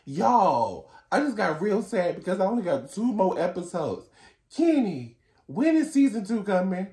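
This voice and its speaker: A man hosting a casual reaction video, talking in an excitable, gushing, slangy way. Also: high-pitched, moderate pace. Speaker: reaction channel host.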